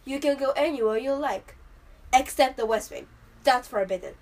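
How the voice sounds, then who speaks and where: A woman reads a gruff male beast who rules a castle. He speaks loudly and sternly, giving commands in a fairly high storybook voice. The range stays even. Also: normal speed, far from the mic.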